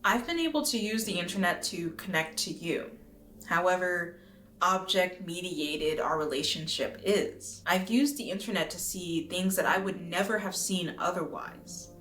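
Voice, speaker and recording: A woman from the United States reading a scripted video essay in an earnest, measured way, now and then swearing for emphasis. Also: lowish voice, a bit bright. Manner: earnest, measured, occasionally profane. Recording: roomy echo with faint music.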